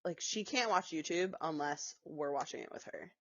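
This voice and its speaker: A woman co-hosting a podcast in casual chat, relaxed, with quick agreeing replies. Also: deep voice, dry recording. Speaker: podcast co-host. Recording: dry muffled lo-fi recording.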